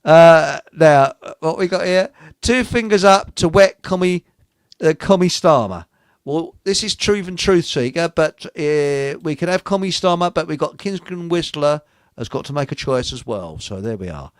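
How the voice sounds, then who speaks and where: Reading out viewer comments on a relaxed livestream, this host rambles, cracks jokes, swears and laughs a lot. He speaks on the high side, expressively and at a moderate pace, with no echo in the recording.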